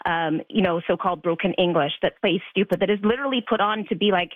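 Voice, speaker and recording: A woman on a panel giving a measured, analytical view in a slightly low voice. She comes through a tinny, phone-like remote line with dry sound. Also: no echo. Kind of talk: panel discussion.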